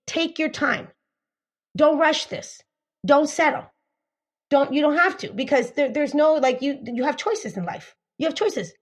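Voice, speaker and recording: On an interview show, a woman dating coach with a high-pitched, unhurried voice teaches emphatically through acted-out stories. She repeats herself, swears casually, and performs the voices of the people she quotes.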